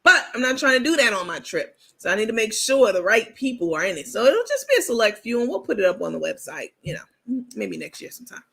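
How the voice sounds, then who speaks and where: Bright-voiced woman host chatting candidly. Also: fairly high pitch, big pitch swings, quick pace, creaky, husky. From New York. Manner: candid, bragging, uses baby and y'all. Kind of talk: casual commentary to viewers.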